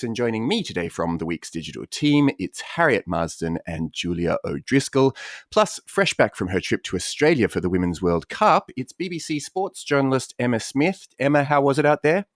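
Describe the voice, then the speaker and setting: Lively, upbeat male podcast host. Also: mid-range voice, fairly quick, no echo, clean studio sound. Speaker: guest host. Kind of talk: scripted news intro and casual chat.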